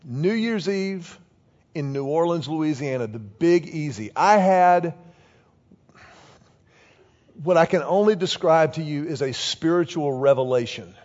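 A man's voice: a little high, unhurried, long pauses, long reverb tail, dull audio. A man in his fifties preaching a sermon, telling stories and calling on the congregation to respond. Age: 50s. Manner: storytelling, animated, tells the congregation to repeat lines. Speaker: pastor.

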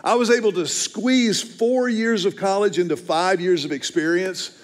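A man's voice: high-pitched, normal speed. A man, preaching a storytelling sermon with earnest, self-deprecating humor and frequent restarts. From Texas, USA. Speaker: pastor.

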